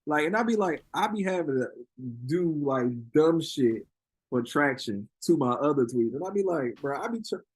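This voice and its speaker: Animated husky man telling stories. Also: moderate pace, no room sound. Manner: animated storyteller, acts out quotes in high voices, laughs a lot. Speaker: interview guest, rapper. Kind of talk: casual chat.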